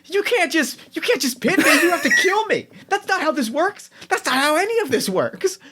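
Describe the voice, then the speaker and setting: A man voicing a furious undead male wrestler who rants in a shrill, strained voice. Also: big pitch swings, brisk, pushed and bright, full character voice. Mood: outraged. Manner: ranting indignantly.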